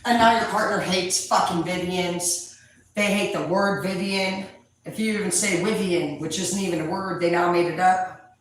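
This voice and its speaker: A woman tarot reader chatting casually to her viewers, rambling, loud and full of swearing. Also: on the low side, moderate pace. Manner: profane, loud, animated storyteller. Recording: echoey room, distant mic, faint noise.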